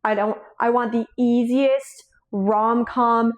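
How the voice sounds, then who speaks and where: Young woman, casual rambling chat, tearful and shaky, frequent laughs and cursing, slightly high voice. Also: steady tone, slow pace, highs cut off. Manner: rambling, emotional, swears freely, laughs often. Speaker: book vlogger.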